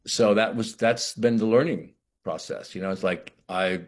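A middle-aged actor talking in an interview, thoughtful and halting, with many restarts. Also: male voice, on the low side. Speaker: actor guest. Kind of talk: reflective interview talk.

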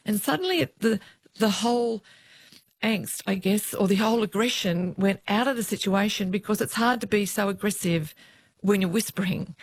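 A middle-aged Australian woman recounts her years on the police beat, acting out the voices of the people she met. Her voice sits at an ordinary pitch for a woman, and the recording is dry and close. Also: moderate pace, dry recording. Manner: lively anecdotes, quoting others' voices. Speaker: former police officer, guest. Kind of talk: interview storytelling.

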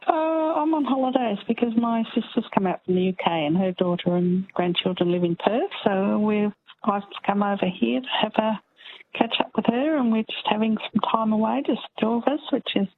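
A woman's voice: mid-range voice, normal speed. An older woman calling in to a radio quiz, friendly and a bit flustered. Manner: friendly, flustered, self-deprecating. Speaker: caller. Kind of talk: phone-in quiz call. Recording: tinny phone line.

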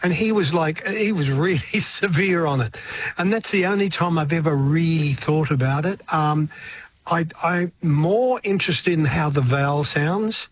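A man's voice: a little high, measured pace, slight background noise. An older Australian man, a musician, talking in a radio interview with frequent restarts and repeated words. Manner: rambling, repeats words, laughs often. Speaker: guest musician.

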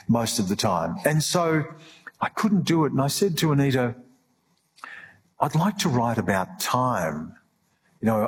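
Earnest man, low voice. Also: breathy edge. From Australia. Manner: earnest, halting with restarts. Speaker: guest. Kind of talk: reflective interview talk.

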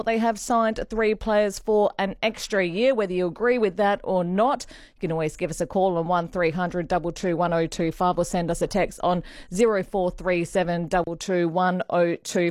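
A woman's voice: medium pitch, steady tone, normal speed, a little mellow, no echo, clean studio sound. A woman with an Australian accent hosting a sports radio show, bubbly and chatty. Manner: bubbly, chatty, laughs while talking. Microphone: studio microphone.

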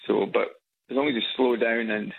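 Edinburgh Scottish man, radio caller, husky gravelly voice, tinny phone line. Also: mid-range voice, steady tone, normal speed. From Scotland. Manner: chatty, hesitant with fillers and repeats. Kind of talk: casual phone-in chat. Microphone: phone on loudspeaker.

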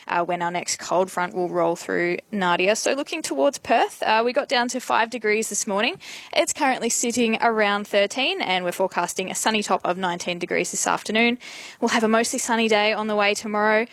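An Australian woman reads a weather forecast at a steady pace, with the odd "uh". Her voice is mid-pitched and even. The sound is dry and close to the mic. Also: dry recording. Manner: steady, informative, with filler "uh"s. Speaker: weather presenter.

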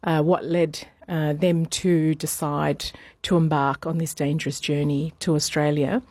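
A woman historian and author explaining her book in a radio interview, pausing often with fillers. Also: low voice, steady tone, darkish tone, no room sound. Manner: hesitant, many fillers.

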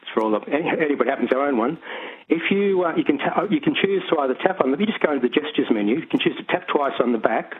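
A man's voice: on the high side, expressive, racing, husky. A man calling in to a radio show, rambling with many restarts. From Australia. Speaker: caller. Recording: phone line.

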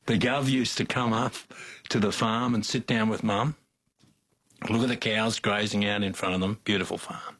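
An older Australian man spins folksy yarns as an interview guest, chuckling often as he tells his stories. His voice sits on the low side with a fairly bright tone and a breathy edge.

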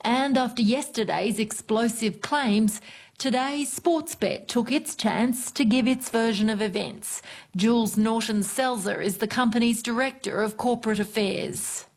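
A woman voicing a news report in a clear, even scripted read. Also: fairly high pitch, measured pace.

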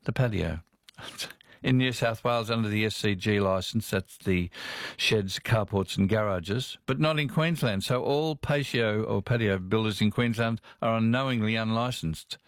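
A man's voice: lowish voice, moderate pace, dry recording, studio quality. A man with an Australian accent, hosting talkback radio in a folksy, chatty way. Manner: chatty, folksy, reads listener messages aloud. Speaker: radio talk show host. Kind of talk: casual talkback radio chat.

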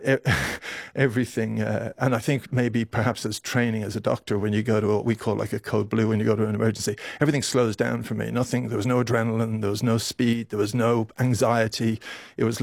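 A man in his fifties, a doctor telling a harrowing story in a radio interview, emotional and halting, repeating words as his voice catches. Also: fairly low pitch, vocal fry, darkish tone, no echo, clean studio sound. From Ireland.

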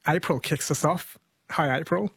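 Male radio host, slightly husky, higher-pitched, dry studio sound, chatty. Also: moderate pace, fairly bright tone, no room sound. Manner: chatty, reads listener texts aloud. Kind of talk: radio talkback and quiz.

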